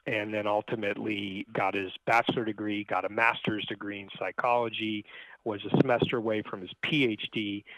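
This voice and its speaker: A man speaking as a podcast guest, telling his family's story in a measured, reflective way. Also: fairly low pitch, fairly bright tone, no room sound, rough recording. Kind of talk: conversational storytelling.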